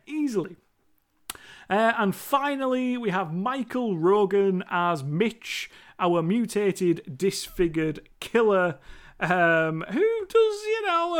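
A movie reviewer talking through a film in a rambling, chatty monologue, swearing casually now and then. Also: medium pitch.

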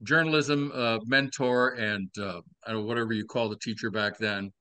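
This is a steady, medium-pitched male voice at normal speed, bright and pushed yet smooth, recorded with no room sound. He's a sixty-something podcast host from Texas with a Southern accent, chatting casually through old stories and tossing in wry, playful remarks.

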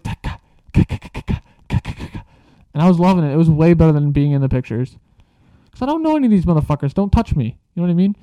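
A man's voice: a little high, warm tone, dry recording. Rambling, profane young man telling a story. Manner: rambling, profane, filler-heavy. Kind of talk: casual storytime monologue.

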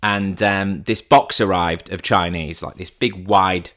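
A man's voice: low voice, steady tone, a little slow, a bit bright. Chatty man telling a funny story. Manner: chatty, teasing. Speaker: podcast host. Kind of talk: comic storytelling.

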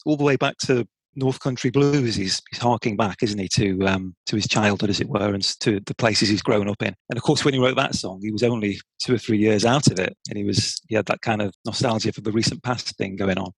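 A man's voice: fairly low pitch, brisk, creaky, slightly rough, dry recording, low-quality recording. A middle-aged man, co-hosting a podcast in casual chat, hesitant with lots of fillers and restarts. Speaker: podcast co-host.

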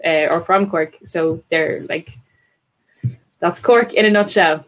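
A woman's voice: on the low side, slow pace. A woman with an Irish accent, co-hosting a casual podcast chat, telling stories animatedly and swearing freely. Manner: animated storyteller, swears freely, laughs a lot. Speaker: podcast co-host.

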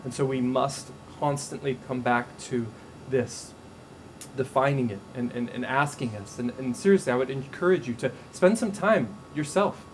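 A man preaching a sermon as a pastor, telling stories in a casual, animated way with frequent restarts. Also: medium pitch, normal speed, slight background noise, low-quality recording.

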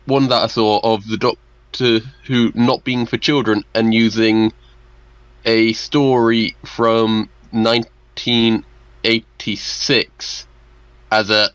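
A man on a casual fan podcast, explaining a point in a halting, measured way. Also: on the low side, flat delivery, a bit bright, smooth, no echo, rough recording. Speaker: podcast co-host.

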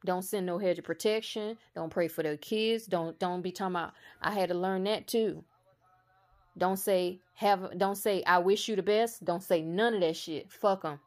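A woman in a casual spiritual monologue, blunt and profane, speaking slowly and with emphasis, building to a heated intensity. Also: fairly low pitch, a little mellow. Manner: slow emphatic delivery that builds to raised intensity.

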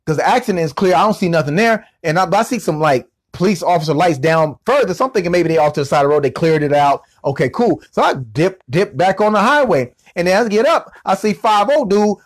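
A middle-aged man and motivational coach telling a story on his podcast in a lively, slangy way, with vocal sound effects. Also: high-pitched, fast talker, hardly any pauses.

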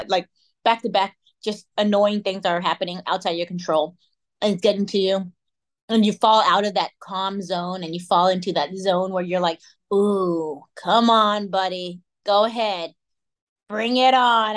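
A young adult woman co-hosting a podcast, telling stories in casual chat, acting out quotes and laughing often. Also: medium pitch. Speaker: podcast co-host.

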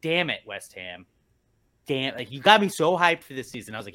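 A man's voice: medium pitch, big pitch swings, brisk, sharp tone. A young man on a podcast, ranting angrily and swearing about his football team's losses. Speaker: podcast co-host. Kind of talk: casual podcast rant.

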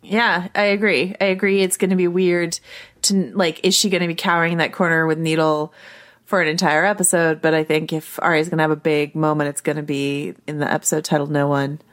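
A woman co-hosting a casual podcast discussion, animated and chatty, with quick asides. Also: deep voice. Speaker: podcast co-host.

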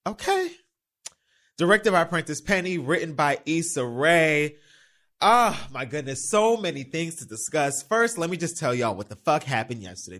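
A man hosting his own podcast, telling a story in a casual, campy, animated way with frequent swearing. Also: a little high. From New York. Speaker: podcast host. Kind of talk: casual solo podcast chat. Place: studio.

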